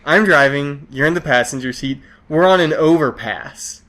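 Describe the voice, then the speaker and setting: A man's voice: fairly high pitch, normal speed. A man co-hosting a podcast, telling stories in casual chat with frequent laughter and acted-out quotes. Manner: animated storyteller, laughs often, acts out quotes. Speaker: podcast co-host.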